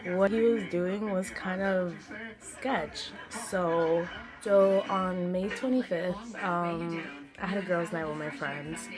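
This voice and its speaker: A young woman telling a story-time vlog in a chatty, animated way, full of "like"s. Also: fairly low pitch. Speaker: vlogger. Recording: music playing behind the voice. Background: music.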